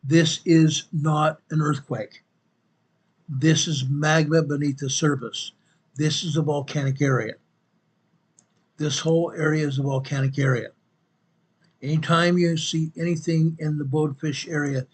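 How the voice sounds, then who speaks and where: A man's voice: on the high side, fairly even intonation, unhurried, slightly rough. A man hosting an online show, talking viewers through a map in casual commentary, stressing his points by repeating phrases and calling the audience folks and guys. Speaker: host.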